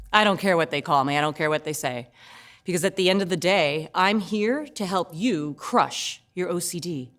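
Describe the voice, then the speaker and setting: A woman's voice: fairly low pitch, normal speed, fairly bright tone, pitched below the performer's own voice, lightly acted. A woman voicing a big, confident male doctor who talks in a blunt, matter-of-fact way. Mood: brusque.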